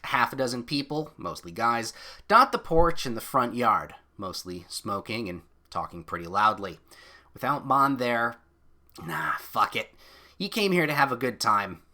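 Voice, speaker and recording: Lively, slow-talking streamer reading a story. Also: medium pitch. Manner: self-mocking, loose, swears offhand. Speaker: streamer reading an interactive novel aloud. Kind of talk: casual read-through with chatty asides.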